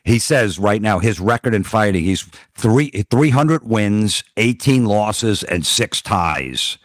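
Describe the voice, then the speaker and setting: Deep-voiced man telling stories. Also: slow, no echo. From New Jersey. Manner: blunt, profane, deadpan anecdotes. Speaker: comedian guest. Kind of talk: casual podcast storytelling.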